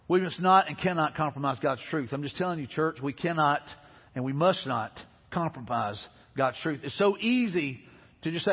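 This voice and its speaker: A man's voice: fairly high pitch, lively intonation, normal speed, breathy edge. A man from Alabama preaching a sermon as pastor, earnest and conversational, repeating his points, recorded dull in a church sanctuary with a long hall echo.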